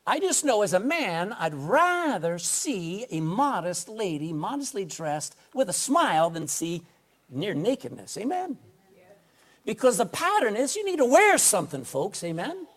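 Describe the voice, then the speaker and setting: A man's voice: high voice, very animated, a little slow, fairly bright tone. A man preaching a sermon to a congregation, folksy and emphatic, often calling for an amen. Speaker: pastor. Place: indoor room with a congregation.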